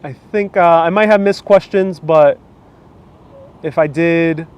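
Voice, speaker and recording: A man's voice: a little high, slow pace, clear, resonant tone, dull audio. Chatty New York man live-streaming outdoors. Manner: chatty, rambling, with frequent fillers and restarts. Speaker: vlogger hosting a live stream. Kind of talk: casual live-stream chat, answering viewer comments.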